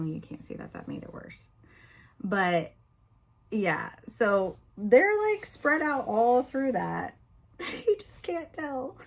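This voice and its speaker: A middle-aged woman chatting candidly in a casual vlog, often using "you know" and "y'all". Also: on the low side. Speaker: book vlogger.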